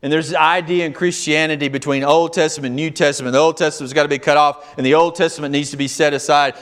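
A man's voice: fairly high pitch, a little fast, hardly any pauses, a bit bright. A man preaching a sermon as pastor, emphatic, reading scripture verses aloud and explaining them. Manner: emphatic, rising and falling in volume.

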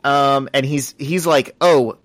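A man's voice: mid-range voice, measured pace, fairly bright tone, no room sound. A man co-hosting a podcast, casually recapping a comic issue and reading lines from it aloud. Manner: retells scenes, reading quoted lines aloud. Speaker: podcast co-host.

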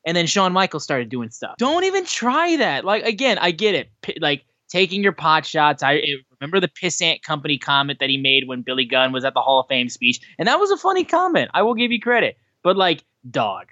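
A man's voice: on the high side, big pitch swings, brisk, hardly any pauses, bright, forceful tone, no echo, dull audio. A man co-hosting a casual wrestling podcast, ranting in a heated, emphatic and profane way. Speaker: podcast co-host.

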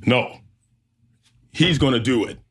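A man, an obstacle race emcee, telling an animated story and acting out the sounds and voices. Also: medium pitch, slow pace, husky. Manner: lively storyteller who acts out sounds and voices.

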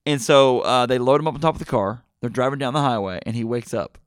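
A middle-aged man hosting a podcast, retelling a movie plot in a rambling, excitable way with many fillers and restarts. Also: mid-range voice, fast talker, few pauses, dry recording, studio quality. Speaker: podcast host. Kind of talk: casual movie podcast chat.

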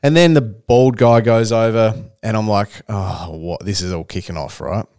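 A young Australian man tells a story in a relaxed, chatty way, acting out the people in it as he goes. His voice sits on the low side. The sound is dry and close, with no room around it. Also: normal speed, smooth, no echo. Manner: animated storyteller who acts out other people's voices. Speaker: podcast co-host. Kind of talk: casual storytelling chat.

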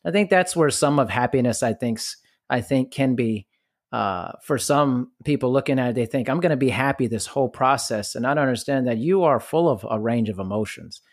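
A man's voice: mid-range voice, lively intonation, a little fast, dry recording, studio quality. A man hosting a podcast, thinking aloud in a reflective way. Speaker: podcast host. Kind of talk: casual podcast conversation.

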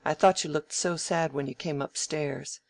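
A reader playing an idle young gentleman who is easily piqued, speaking in emphatic, protesting tones in audiobook dialogue. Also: mid-range voice, fairly even intonation, normal speed, vocal fry, no room sound, natural voice.

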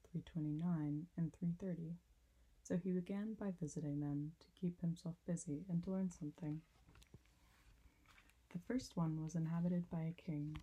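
A woman narrating a storybook chapter in a calm, measured reading. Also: sits low, slightly rough, low-quality recording. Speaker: audiobook narrator.

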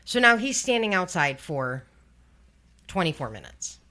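A woman hosting a true-crime podcast, chatting about a case with her co-host. Her voice is bright and her pitch jumps around a lot. She is blunt and swears easily. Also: measured pace. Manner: animated and blunt, swears freely.

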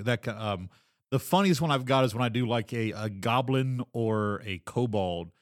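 A man's voice: medium pitch, dry recording, studio quality. A man co-hosting a podcast as a game master, chatting casually and rambling with lots of fillers. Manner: rambling, filler-heavy, drops into quick character voices. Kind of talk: casual chat.

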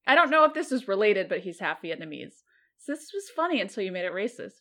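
A woman co-hosting a relaxed chat show. She reads posts aloud at a conversational clip and breaks into laughter and quick, animated asides. Her pitch sits in an ordinary middle range. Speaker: podcast co-host. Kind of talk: casual chat reading online posts.

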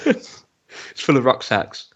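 Slow and a bit bright, a man's voice carries a casual podcast review of a TV episode. He's one of the co-hosts, and his talk is scattered with ums and restarts.

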